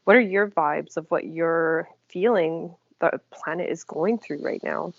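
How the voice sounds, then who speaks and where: A woman hosting a casual spiritual chat on her channel, chatty and quick to laugh. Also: low-pitched, creaky, no room sound. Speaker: channel host. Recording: dry, dull lo-fi audio.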